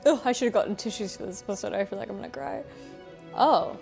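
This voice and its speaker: A young woman hosting a reaction video, chatting casually and excitedly, often gasping and exclaiming. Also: medium pitch, quick pace, vocal fry, over music.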